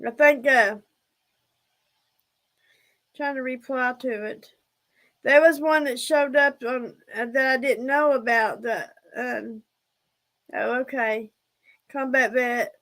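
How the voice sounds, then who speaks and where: A woman's voice: high voice, fairly even intonation, slow pace, pauses often, fairly bright tone. A woman hosting a casual livestream, rambling and out of breath as she talks to her viewers. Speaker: livestream host.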